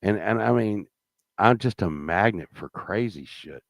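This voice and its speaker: A man's voice: fairly low pitch, animated, a little slow, creaky, no echo. Middle aged guy ranting a crazy story, swears a lot, fillers everywhere, dry close mic. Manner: profane, rambling, with many fillers and restarts; grows heated and loud while telling the story. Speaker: storyteller guest. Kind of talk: casual rambling anecdote.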